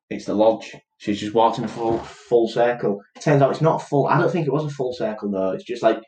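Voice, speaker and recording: A man's voice: mid-range voice, darkish tone, poor audio. A man co-hosting a podcast, chatting casually as he retells a film plot, with lots of fillers and restarts. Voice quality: rambling with many fillers and restarts. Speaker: podcast co-host.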